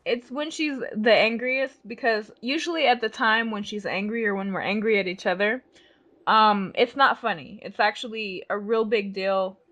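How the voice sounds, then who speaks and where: Bright, giggly woman chatting on camera. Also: medium pitch, moderate pace, muffled recording. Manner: giggly, animated storyteller. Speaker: vlogger. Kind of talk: casual chat.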